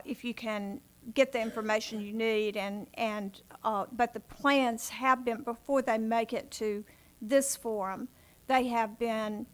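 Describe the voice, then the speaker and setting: A woman chairing a city planning commission meeting in council chambers, speaking in polite, formal procedural phrasing. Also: mid-range voice.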